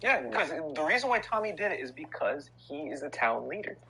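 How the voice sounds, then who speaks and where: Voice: medium pitch, sing-song, a crowd in the background, rough recording. A speaker explaining and correcting others in a casual debate, with many restarts. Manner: quick to correct, hesitant restarts.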